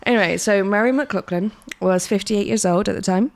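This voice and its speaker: A woman's voice: mid-range voice, fairly quick. Laughing, swearing British woman podcaster. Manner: laughs a lot, swears freely. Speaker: podcast co-host. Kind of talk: casual chat, true crime storytelling.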